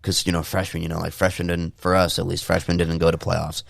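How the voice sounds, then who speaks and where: Deep gravelly young man telling stories. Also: fast talker, no room sound, studio quality. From California. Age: young adult. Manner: animated storyteller, shouts quoted lines in high voices. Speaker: podcast co-host. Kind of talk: casual chat.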